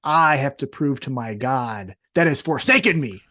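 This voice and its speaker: A man voicing a brooding, menacing male wrestler who speaks gravely of a holy mission. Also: mid-range voice, expressive, normal speed, sharp tone, no echo, studio quality, pitched below the performer's own voice.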